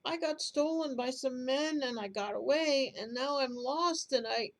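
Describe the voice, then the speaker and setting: A woman's voice: high-pitched, measured pace, voice pushed up. A woman voicing a tearful little girl. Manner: tearful, pleading. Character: frightened little lost girl.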